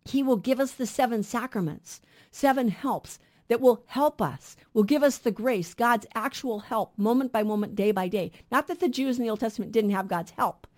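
A woman's voice: a little high, normal speed, darkish tone. A woman co-hosting a radio Bible program, teaching emphatically and posing rhetorical questions that she then answers herself.

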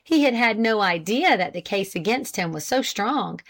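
An audiobook narrator with a mid-range voice reads a period novel, telling the story in a measured, even way. The narration is scripted.

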